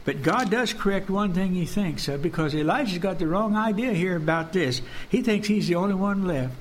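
Earnest high-voiced male preacher. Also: animated, moderate pace, a little hiss or hum. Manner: earnest, repetitive, drops to a hush for emphasis. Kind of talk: sermon.

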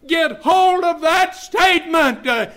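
A man preaching a sermon, reading scripture in old-fashioned wording and rising from quiet passages to fervent shouting. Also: very high-pitched, animated, slow pace. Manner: King James scripture reading, builds to shouting.

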